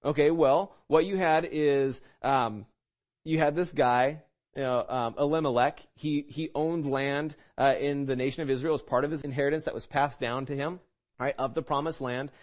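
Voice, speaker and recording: A man's voice: medium pitch, fairly even intonation, normal speed, dull audio. A man preaching a conversational sermon, full of rhetorical questions, restarts and asides to his listeners. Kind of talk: sermon teaching.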